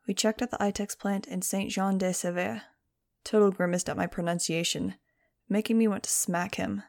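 A woman's voice: mid-range voice, steady tone, moderate pace, vocal fry, a little mellow. A woman narrating a first-person audiobook. Her delivery is dry and sardonic, in an ordinary mid-range voice.

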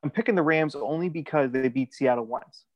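A man's voice: on the high side, brisk, no echo, muffled recording. A man on a sports talk panel, laying out his pick as a methodical, structured argument. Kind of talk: casual sports chat.

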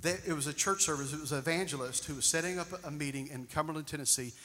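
A male pastor preaching a sermon, moving between loud emphatic lines and hushed storytelling. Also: on the high side, fast talker, slight background noise. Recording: long reverb of a large hall.

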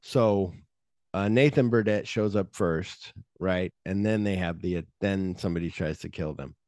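A man co-hosting a podcast, casually retelling movie scenes with lively energy and jumping into high-pitched voices when he quotes characters. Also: unhurried, no room sound, clean studio sound. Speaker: podcast co-host.

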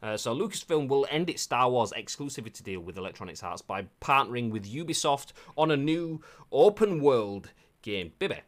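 A man's voice: medium pitch, sing-song, normal speed. A man hosting a casual live-streamed video game news show, reading articles aloud with jokey asides. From United Kingdom.

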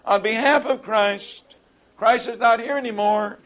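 A man's voice: high-pitched, normal speed, a bit bright. A man teaching a Bible study in an earnest lecturing way, often asking rhetorical tag questions of his listeners.

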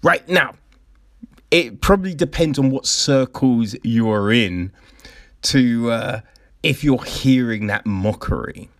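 A man delivers a casual, profane rant full of sarcasm. He takes his time and drags out his words. His voice sits at a middle pitch, recorded close and dry with no room sound. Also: lively intonation, slow pace, dry recording. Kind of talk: casual ranting commentary.

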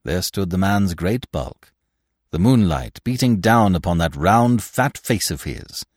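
A man reading a classic adventure novel aloud with measured, theatrical storytelling. His voice is low, and he lets it rise and fall widely through each sentence. The sound is close and dry, without room echo. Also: lively intonation. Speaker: narrator. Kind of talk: scripted narration of a classic novel.

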